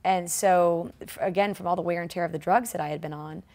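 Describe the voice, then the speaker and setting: A woman's voice: on the low side, fairly quick. A woman in her forties, a triathlete guest, telling a story in a casual interview, laughing and acting out quotes. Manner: animated, laughing, acts out quotes.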